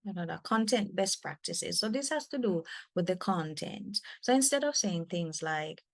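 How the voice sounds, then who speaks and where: A woman faculty developer with a Jamaican accent, giving a lively training talk to teachers with emphatic, repeated phrases. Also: fairly low pitch, normal speed, vocal fry, no room sound. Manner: animated, emphatic, repeats words.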